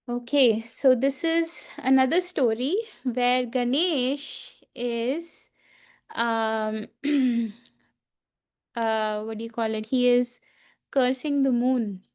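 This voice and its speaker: A woman teaching a festival class retells a sacred story slowly, stopping for fillers and asides to her listeners. Her voice sits high and her pace is unhurried. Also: darkish tone.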